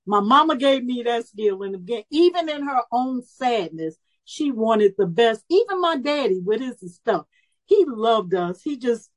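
A woman of about seventy telling a personal story at a recovery meeting, lively and animated, acting out the voices she quotes. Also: on the high side, low-quality recording. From Chicago area. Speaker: speaker sharing her story at a recovery meeting.

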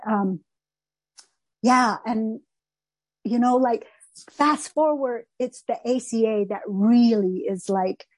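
A woman's voice: a little high, darkish tone, no room sound. Emotional woman sharing her recovery story. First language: not English. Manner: rambling, emotional, many restarts and "like". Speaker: recovery meeting speaker. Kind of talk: personal testimony.

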